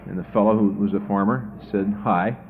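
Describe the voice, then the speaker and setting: A man's voice: on the low side, level tone, fast talker, phone-quality sound. A man running for office answers a radio interviewer in a chatty, anecdotal way, sounding tired and often repeating his first words. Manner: chatty storyteller, repeats words when starting sentences. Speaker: political candidate.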